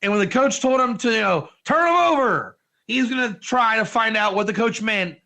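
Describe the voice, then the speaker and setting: A man giving an informal Torah class, energetic and joking, putting questions to his listeners in a classroom. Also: sits high, brisk, creaky. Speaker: Torah teacher.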